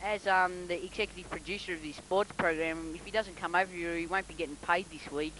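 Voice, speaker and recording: A man's voice: sits high, fairly even intonation, a little fast, background noise. A man improvising comedic sports commentary, jokey and hesitant, muddling names with plenty of fillers.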